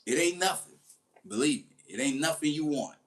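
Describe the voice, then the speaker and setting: A man's voice: on the high side, moderate pace. A man talking casually and animatedly, telling stories in a commentary monologue. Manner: slangy, animated storytelling with laughs. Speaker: commentary host.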